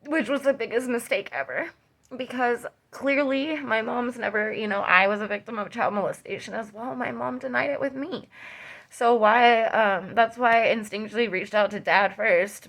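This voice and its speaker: A young woman, a mother, telling a personal story to camera in a halting way, full of ums and you-knows. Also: medium pitch. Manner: soft and subdued, rising when tense.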